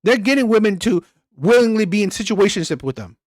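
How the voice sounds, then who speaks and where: Brief: male reaction host, high lively voice, blunt crude rant, dry close sound. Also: a little fast, no echo. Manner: blunt, crude, repetitive and heated. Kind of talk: ranting commentary on a played clip.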